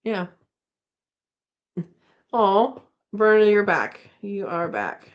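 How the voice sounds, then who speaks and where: A woman's voice: mid-range voice, sing-song, very slow, lo-fi sound. A woman hosting a casual live chat from home, reading viewer comments aloud and laughing often. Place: home, indoors.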